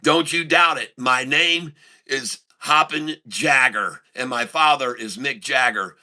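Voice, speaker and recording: A man's voice: mid-range voice, slow, bright, forceful tone. A man voicing a polite male frog who asks a bank for a loan, told matter-of-factly inside a joke.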